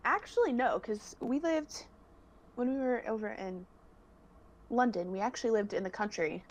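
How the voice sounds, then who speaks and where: A woman's voice: on the high side, slight background noise. Giggly, chatty young woman. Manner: giggly, chatty, quick to laugh. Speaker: guest. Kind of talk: casual chat.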